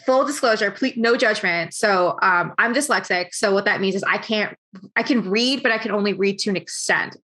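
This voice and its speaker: A young woman hosting a casual interview over a video call, rambling and animated, restarting her sentences as she tells a story. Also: medium pitch, normal speed. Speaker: host.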